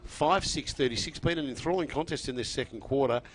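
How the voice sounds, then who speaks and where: An energetic male commentator calling football play-by-play on radio, his voice at an even middle pitch. He surges louder on big moments, with a faint hum from the ground outside behind him. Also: brisk.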